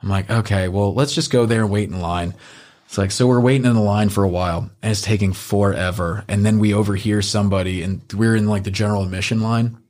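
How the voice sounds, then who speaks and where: A man telling a wild personal story on a podcast in casual, animated style, swearing freely and acting out what people said. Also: on the low side, fast. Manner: animated, swears often, acts out quotes.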